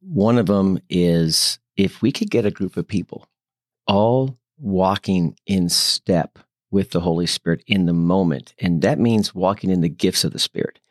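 A man with a low, husky voice talks through a casual Bible study with a co-host. He tells church anecdotes in an earnest, animated way. The recording is dry and close, with no room sound. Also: unhurried, dry recording.

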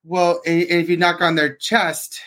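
A young man talking as a podcast guest in a casual interview, hesitant and halting, with many restarts and "like". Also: a little high, level tone, bright, forceful tone. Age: young adult.

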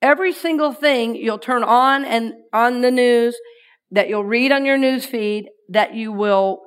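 Woman, minister, sermon, slightly high voice, playful, gets the congregation to repeat lines. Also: measured pace, smooth. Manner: lively and playful, has listeners repeat lines.

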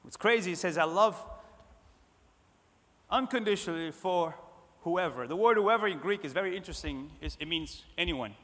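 A man preaching a sermon, repeating phrases and swinging between loud emphatic lines and soft, hushed ones. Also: high-pitched, normal speed. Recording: long hall reverb.

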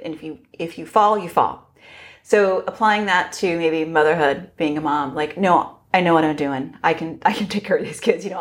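A woman in her forties, a podcast guest telling stories in casual chat, acting out her own reactions and laughing often. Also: on the low side. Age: 40s.

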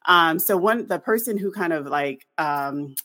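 A woman's voice: lowish voice, a little slow. A woman co-hosting a podcast, telling a story in casual chat with lots of fillers. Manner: animated storytelling with many fillers. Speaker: podcast co-host.

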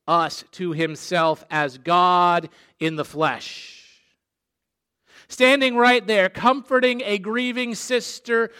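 A man preaching a sermon, slow and emphatic, dropping soft and low on key phrases. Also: clean tone. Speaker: pastor.

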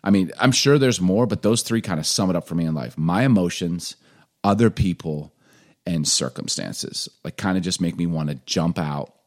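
Co-host, middle-aged man, low voice, chatty and animated, jumps into character voices mid-story. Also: moderate pace. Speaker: podcast co-host. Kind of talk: casual chat.

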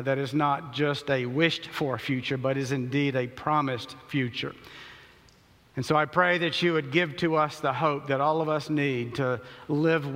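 A man, preaching a sermon as pastor, with earnest, emphatic delivery and slow scripture reading in a church. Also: mid-range voice, a bit bright. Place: church sanctuary. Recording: long reverb of a large hall.

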